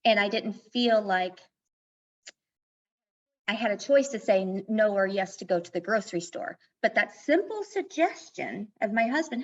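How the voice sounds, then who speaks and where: A woman's voice: mid-range voice, very animated, measured pace, a bit bright. Earnest woman life coach, lo-fi sound. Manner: earnest, mixes advice with personal stories. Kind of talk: candid podcast interview. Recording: dull lo-fi sound.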